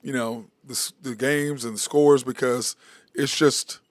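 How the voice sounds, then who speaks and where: A man's voice: mid-range voice, steady tone, a little slow, no room sound. Frustrated man ranting about sports. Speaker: sports talk show host. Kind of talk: solo sports talk commentary.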